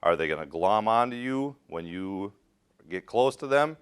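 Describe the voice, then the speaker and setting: A man's voice: lowish voice, animated, normal speed, smooth. A middle-aged man teaching a rope rescue class, direct and practical, quizzing his students as he demonstrates. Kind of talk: hands-on safety training talk.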